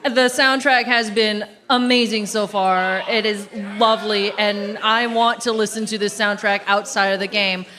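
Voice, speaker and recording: A woman giving her opinion as a juror at a comedy panel, measured and deliberate. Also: medium pitch, fairly even intonation, sharp tone. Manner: measured, deliberate, laughs easily. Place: convention panel room before a live audience.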